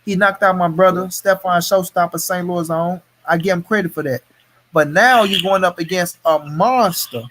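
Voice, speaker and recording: Guy hosting a boxing stream, high voice, cussing up a storm, heated. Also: normal speed, fairly bright tone, a little hiss or hum. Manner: profane, heated ranting. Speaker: host of a boxing talk stream. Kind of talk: casual live-stream boxing chat.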